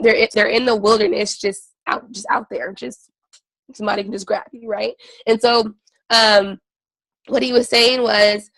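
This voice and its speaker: A woman retelling a story on a call in a loose, animated way, full of "like" and "right", acting out what others said. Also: fairly high pitch, no room sound, rough recording. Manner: animated retelling, acts out quotes, many fillers like "like" and "right". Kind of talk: casual storytelling on a team call.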